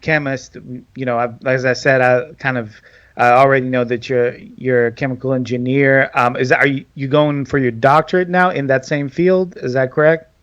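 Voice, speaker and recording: A man's voice: medium pitch, fairly even intonation, normal speed, fairly bright tone, clean tone, dry recording, highs cut off. Podcast host man, dry close sound. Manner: friendly, brief acknowledgements. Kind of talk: casual interview hosting.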